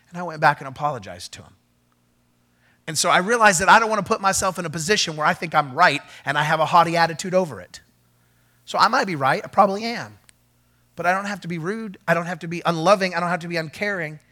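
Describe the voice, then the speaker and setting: A male pastor preaches a lively sermon in a high, bright voice. He acts out the people in his stories and swings from hushed, earnest lines to loud, excited ones. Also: fast talker. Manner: animated preaching, acts out quoted dialogue, rising to shouts.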